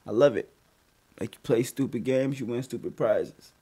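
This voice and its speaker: A man casually telling a story on a podcast, profane and animated, with loud bursts as he acts it out. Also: medium pitch, moderate pace, breathy edge.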